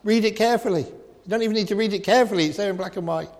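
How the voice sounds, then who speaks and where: Preacher guy, kinda high voice, punchy repeated lines, echo hanging in a big church. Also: very fast. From England. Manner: emphatic and repetitive, swinging from loud declarations to quiet reflection. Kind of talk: sermon. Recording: long reverb of a church hall.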